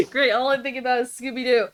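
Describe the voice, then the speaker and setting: A woman's voice: fairly high pitch, normal speed, bright, forceful tone, slight background noise. Giggly woman gamer commenting on her playthrough. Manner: giggly, self-mocking, trying silly voices.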